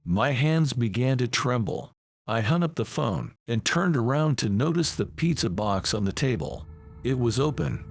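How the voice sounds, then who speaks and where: A man reading a first-person horror story as scripted narration, with lively, dramatic delivery. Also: mid-range voice, vocal fry, slight background noise.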